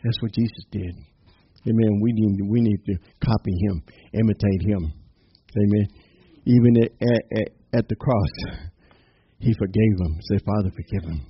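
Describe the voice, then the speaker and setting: A man's voice: lowish voice, steady tone, normal speed. A man giving an informal, upbeat devotional sermon, quoting scripture, laughing and punctuating lines with amen. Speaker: preacher. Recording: slightly dull lo-fi recording with faint noise.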